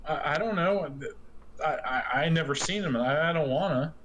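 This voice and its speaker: A man's voice: a little high, moderate pace, a bit bright, natural voice. A man voicing a timid young peasant girl who stammers in rustic, folksy speech, over a noisy online voice chat. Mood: fearful.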